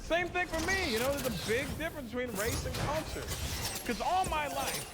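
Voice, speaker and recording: A man from Canada doing a stand-up comedy set, profane and animated, acting out voices. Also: very high-pitched, moderate pace, heavy background noise. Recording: stand-up audio under loud music.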